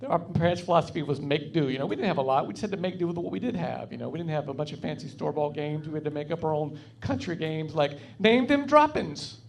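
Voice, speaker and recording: Southern stand-up man, high and wry. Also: fairly even intonation, fast, creaky, hardly any pauses, a little mellow. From North Carolina, US. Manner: folksy, wry storytelling delivery. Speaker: stand-up comedian. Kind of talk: stand-up comedy set. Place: comedy club stage.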